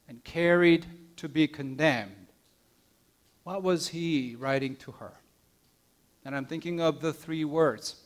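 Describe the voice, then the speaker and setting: During a sermon, a pastor whose voice leans high shares a story earnestly and gently. He tends to let his sentences trail off soft and hushed, stumbling into small restarts and repeating words.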